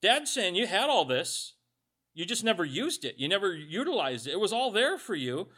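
A man's voice: high voice, very animated, normal speed, sharp tone. A male pastor giving a conversational sermon, reading scripture aloud and adding joking asides.

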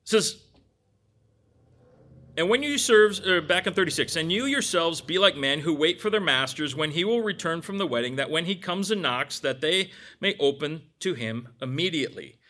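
A man's voice: on the high side, expressive, moderate pace, pushed and bright. A middle-aged man preaching a sermon as pastor, conversational, with casual asides between scripture readings.

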